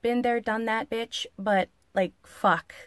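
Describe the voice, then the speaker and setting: A woman's voice: fairly high pitch, fairly even intonation, slow pace, dry recording. A woman vlogger recounts a story in a chatty, profane rush, leaning into the drama. She peppers her talk with "like" and "you know". The recording is dry, with no room sound. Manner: frequent filler "like". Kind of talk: casual story-time vlog.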